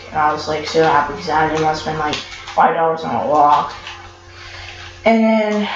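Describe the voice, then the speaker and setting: Teen boy vlogger, stutters and restarts, filler-heavy rambling, noisy background hiss. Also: on the high side. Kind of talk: casual storytelling vlog. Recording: echoey lo-fi room with noise.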